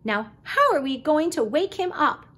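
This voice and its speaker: A woman's voice: high-pitched, big pitch swings, normal speed, a bit bright, voice pushed up. Woman doing a fussy, bossy aunt groundhog. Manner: fretful, bossy.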